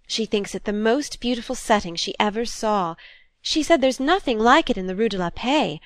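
A woman's voice: on the high side, animated, moderate pace, no echo, studio quality, pitched above the performer's own voice, lightly acted. A woman voicing a young society fiancée in a book reading, speaking lightly in a slightly raised voice. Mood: light-hearted.

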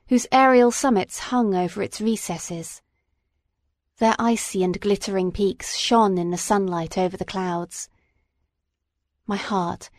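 Woman giving measured, dramatic narration. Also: mid-range voice, a little mellow, dry recording, studio quality. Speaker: audiobook reader. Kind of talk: scripted narration.

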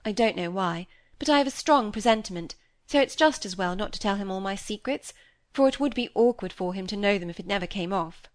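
A woman voicing a lively, flippant young woman who talks in a breezy, dismissive way. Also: mid-range voice, brisk, no echo, clean studio sound, lightly acted. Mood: light.

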